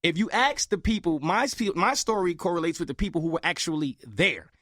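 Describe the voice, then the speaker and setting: A young man telling a story on a casual podcast, animated and acting out the other people's lines. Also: high voice, fairly quick, no room sound, clean studio sound. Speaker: podcast host.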